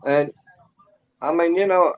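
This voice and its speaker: A man co-hosting a casual live stream, talking haltingly, repeating words and filling with "you know". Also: on the high side, clear, resonant tone, highs cut off. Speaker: co-host.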